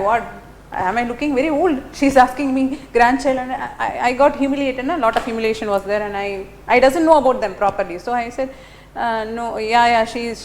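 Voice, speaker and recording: A woman's voice: a little high, a little hiss or hum. A middle-aged woman giving a classroom lecture, telling stories animatedly with many fillers and tag questions. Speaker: teacher.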